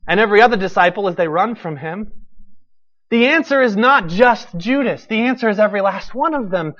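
A male pastor preaching a sermon in an animated storytelling manner, acting out quotes. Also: high voice, a little fast, highs cut off.

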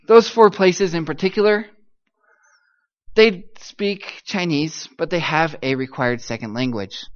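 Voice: mid-range voice, highs cut off. A missionary giving an upbeat church talk to a live audience, teasing them kindly and singing out syllables to demonstrate the tones.

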